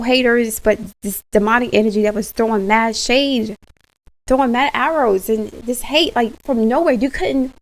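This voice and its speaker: A woman giving a casual tarot reading straight to her viewers, animated and slangy, laughing often. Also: on the high side, poor audio. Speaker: tarot reader.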